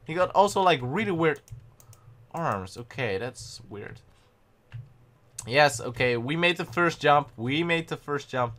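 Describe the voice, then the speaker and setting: A young man giving excitable, panicky gameplay commentary and often mocking his own mistakes. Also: a little high, unhurried, long pauses. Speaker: gaming channel host.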